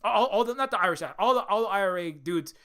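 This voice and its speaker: A man's voice: high-pitched, expressive, quick pace, pushed and bright. A man giving casual film commentary, rambling, with many restarts and fillers. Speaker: video commentator.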